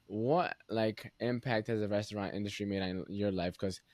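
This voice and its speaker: Young man hosting, low and dry. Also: steady tone, normal speed, a little mellow, no room sound. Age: young adult. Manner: loose, filler-heavy, says "like" often. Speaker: podcast host. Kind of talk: casual interview chat.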